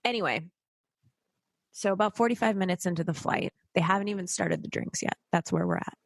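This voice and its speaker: A woman co-hosting a podcast, telling a story in a casual, animated way, swearing freely and acting out what people said. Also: medium pitch, fairly quick, creaky, dry recording. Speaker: podcast co-host.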